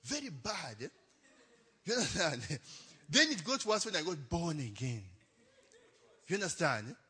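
A man's voice: a little high, big pitch swings, unhurried, pushed and bright, slightly rough. A young adult man, a pastor telling a story in a chatty sermon, laughing often and tagging lines with "eh?".

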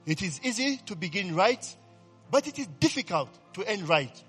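A man preaches with a lively, high voice that has a husky edge, tossing questions at his listeners and answering them himself. He keeps checking in with the room and swells into loud exclamations of praise. The sound carries a long echo, as from a large hall, with faint music underneath. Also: moderate pace. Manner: call-and-response, rising to loud exclamations; asks the congregation questions and repeats "eh?". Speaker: pastor. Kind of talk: sermon.

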